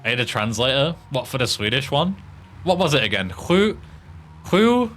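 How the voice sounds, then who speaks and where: A man's voice: mid-range voice, expressive, brisk, pushed and bright, faint music behind. Swearing British man streaming a game. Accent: British English. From Britain. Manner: swearing, laughing, stumbling through foreign tongue twisters. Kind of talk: casual gaming stream chat.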